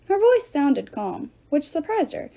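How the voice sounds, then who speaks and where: A woman reading a novel aloud, in an expressive storytelling manner. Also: high-pitched, measured pace. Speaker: audiobook reader.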